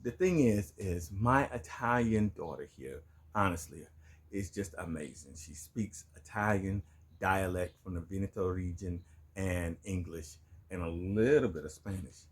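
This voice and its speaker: A man's voice: deep voice, unhurried, husky. A playful middle-aged man who hosts a family channel and laughs as he stumbles through Italian words his daughter quizzes him on. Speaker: vlog host, learner quizzed in Italian. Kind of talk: casual family chat.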